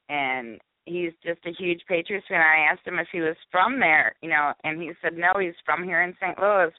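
A woman's voice: on the low side, no room sound. A woman calling in to a radio show, chattily telling a story with frequent giggles. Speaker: caller and co-host. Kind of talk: casual storytelling. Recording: tinny phone line.

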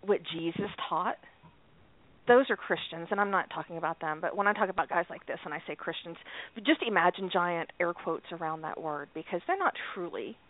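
A woman's voice: on the low side, brisk. A woman co-hosting a casual radio chat, telling stories with frequent laughs and restarts. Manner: laughs often, storytelling with restarts. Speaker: podcast co-host. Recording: tinny phone-like audio.

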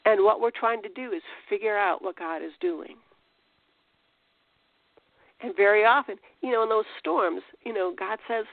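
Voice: medium pitch, moderate pace, gravelly, long pauses, no echo. A Christian teacher giving an informal spiritual talk, conversational, with restarts and rhetorical questions. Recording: tinny phone-like dry sound.

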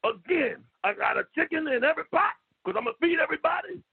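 A man talking on a radio show, loud and profane, stammering and repeating himself, sometimes shouting. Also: very high-pitched, animated, fast talker, vocal fry. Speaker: call-in guest. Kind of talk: loud rambling radio talk. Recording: lo-fi phone line.

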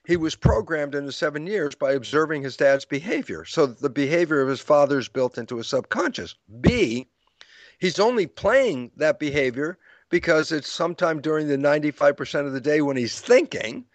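A man's voice: a little high, lively intonation, normal speed, dry recording. A man as an interview guest, explaining ideas like a lecturer, acting out quoted dialogue and chuckling at his own points. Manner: storytelling lecturer who acts out quoted dialogue. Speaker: guest author.

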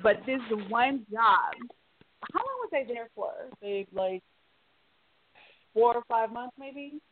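Woman co-host, halting storyteller, tinny dry recording. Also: on the high side, big pitch swings, no room sound. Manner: halting, filler-heavy storytelling. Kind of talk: casual chat. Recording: tinny phone-like sound.

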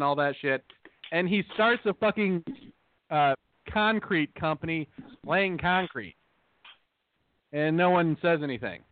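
A man's voice: on the high side, clear, resonant tone. A man co-hosting a podcast, trading wry, sarcastic, profane stories. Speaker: podcast co-host. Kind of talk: casual chat. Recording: tinny dry phone-like audio.

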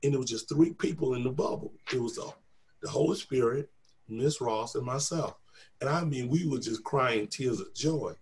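A man's voice: medium pitch, normal speed. A middle-aged man telling a personal testimony, animatedly acting out the voices of the people in his story. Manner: animated, acts out quoted voices.

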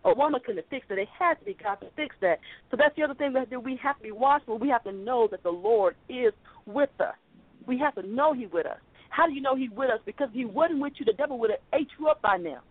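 Woman, preacher, high voice, rhythmic repetition, tinny phone line, dry. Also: animated, quick pace, no room sound. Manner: fervent, rhythmic, repeating phrases. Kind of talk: phone-call sermon. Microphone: phone call.

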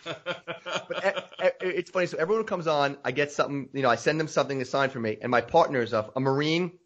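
A man's voice: fairly high pitch, fast, fairly bright tone, muffled recording. A man hosting a casual interview show, eager and friendly toward his guest. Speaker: podcast host.

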